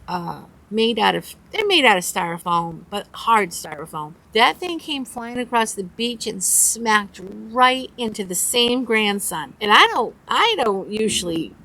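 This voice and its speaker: A woman's voice: fairly high pitch, fairly bright tone, poor audio. Older woman vlogger, casual rambling storyteller, faint outdoor noise. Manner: chatty, rambling, acts out quotes. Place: outdoors on a windy day. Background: faint wind noise.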